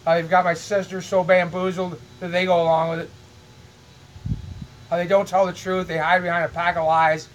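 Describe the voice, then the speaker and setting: Middle-aged man vlogging from his home: high, monotone, aggrieved, restarting his sentences as he goes. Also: normal speed, slight background noise, rough recording. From Illinois, US. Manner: repeats words, restarts, aggrieved. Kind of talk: rambling monologue to camera.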